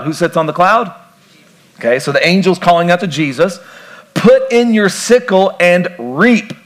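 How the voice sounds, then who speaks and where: A man's voice: a little high, fairly bright tone. A man preaching a sermon as a pastor in a conversational way, asking his listeners questions and joking between points. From grew up on a farm. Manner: conversational, asks the congregation questions, jokes.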